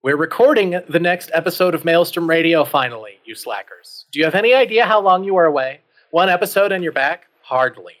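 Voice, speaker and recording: A woman's voice: low-pitched, expressive, moderate pace, fairly bright tone. A man voicing a bossy, impatient female producer who scolds the crew. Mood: scolding.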